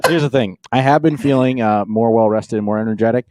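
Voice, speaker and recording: A man's voice: mid-range voice, quick pace, darkish tone, dry recording. A man hosting a comedy podcast, telling stories in a playful, teasing way. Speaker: podcast host. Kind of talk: casual comedic chat.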